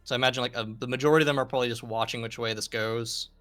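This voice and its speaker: Dude playing a tabletop rpg, bright clear voice, thinking out loud, faint music behind. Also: male voice, mid-range voice, steady tone, rapid-fire. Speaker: player. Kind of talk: casual tabletop game chat.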